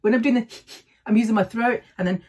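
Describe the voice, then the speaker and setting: Breathy woman, middle-aged, chatty advice vlog, keeps saying okay. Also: a little high, steady tone, fast, a little mellow. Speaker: vlogger sharing health tips. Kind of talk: casual advice talk to camera.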